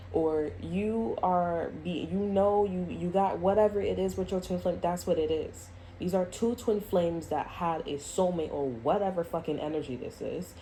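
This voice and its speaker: A woman's voice: lowish voice, dark tone, slight background noise, rough recording. A woman giving a casual tarot reading to camera, blunt and profane, often laughing and acting out quoted voices. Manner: acts out voices in quoted asides. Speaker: tarot reader.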